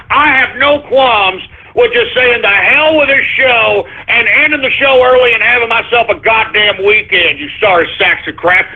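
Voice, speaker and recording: Foul-mouthed male call-in host, husky and shouty, phone-quality audio. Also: extremely high pitch, normal speed, hardly any pauses. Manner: angry, profane ranting with sudden shouts. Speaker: radio show host. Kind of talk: call-in radio rant. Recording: phone-like narrow sound.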